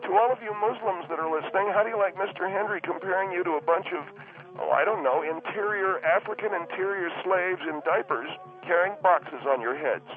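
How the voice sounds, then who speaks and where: A man's voice: high-pitched, brisk, phone-quality sound, soft background music, pitched above the performer's own voice, lightly acted. A man doing a huffy, sarcastic caller. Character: indignant, sarcastic middle-aged male caller.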